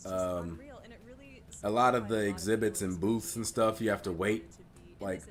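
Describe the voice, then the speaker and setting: A man with a very deep voice chatting casually and rambling as he reacts live to a game showcase. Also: measured pace, faint music behind. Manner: rambling, laughs often, many "like" fillers.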